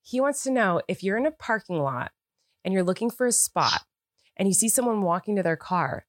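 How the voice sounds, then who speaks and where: A woman's voice: mid-range voice, expressive, fairly quick, no room sound, clean studio sound. A woman co-hosting a podcast in casual, bubbly chat. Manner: bubbly, effusive. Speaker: podcast co-host.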